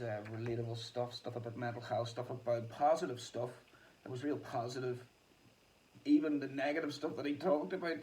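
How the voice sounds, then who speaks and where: A man's voice: medium pitch, gravelly, darkish tone, far from the mic, poor audio. A chatty man rambles through a casual monologue, swearing freely and laughing between thoughts. He sits a little back from the mic, with a faint hum of ambient noise around him. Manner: chatty, swears a lot, laughs often, trails off.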